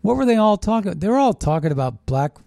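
Fired-up male host, sarcastic ranter, warm tone, dry close sound. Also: sits high, fast, vocal fry, no room sound. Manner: animated, indignant, sarcastic ranting. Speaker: political commentary host. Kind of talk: opinionated political monologue.

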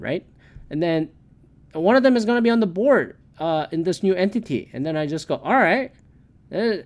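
A man's voice: on the high side, no room sound. A man hosting a podcast, ranting heatedly in casual solo commentary and swearing often. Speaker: podcast host.

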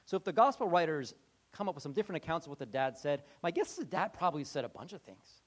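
Male pastor, casual sermon; higher voice with a lively, swooping delivery; talks off the cuff and acts out quotes. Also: fast talker. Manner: conversational, acts out quoted voices, many restarts.

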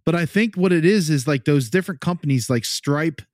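Male podcast co-host, casual and teasing, slightly high voice, dry close mic. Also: expressive, a little fast, a little mellow, no room sound. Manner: chiming in, teasing, explanatory. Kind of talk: casual chat.

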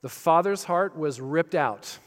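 Earnest middle-aged pastor in echoing hall. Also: male voice, a little high, lively intonation, unhurried. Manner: earnest, reflective preaching that swells and softens. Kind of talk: sermon.

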